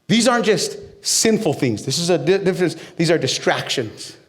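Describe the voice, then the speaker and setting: A man preaching a sermon in a fairly high voice. He talks to the congregation like he is chatting with them, asks them questions and cracks jokes. Then he builds up to loud, soaring peaks. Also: expressive, moderate pace. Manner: conversational with humor and direct questions to the crowd. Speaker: pastor.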